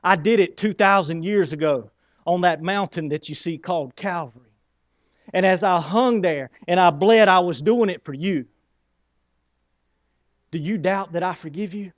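A preacher voicing Jesus, earnest and tender. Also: male voice, high-pitched, no room sound. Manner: earnest, building excitement, stutters. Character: Jesus, gentle loving male savior, speaking.

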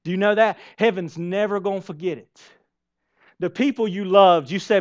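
A man's voice: high-pitched, normal speed. A man preaching a sermon, emphatic and storytelling, repeating phrases for effect. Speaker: pastor. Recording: dull lo-fi sermon recording.

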